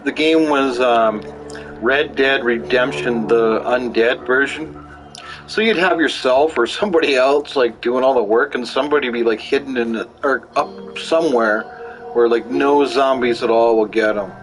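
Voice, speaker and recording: A man's voice: medium pitch, moderate pace, rough recording. A man streaming a game, chatting casually in a rambling, storytelling way and swearing freely. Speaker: gaming streamer. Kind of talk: casual chat while gaming. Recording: music playing behind voice. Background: game music.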